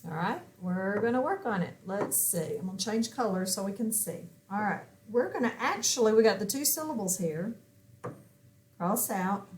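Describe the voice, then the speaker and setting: A woman's voice: medium pitch, expressive, normal speed, slight background noise. A woman teaching a phonics lesson at a whiteboard, patiently asking questions and answering them herself. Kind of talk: recorded classroom lesson at a whiteboard.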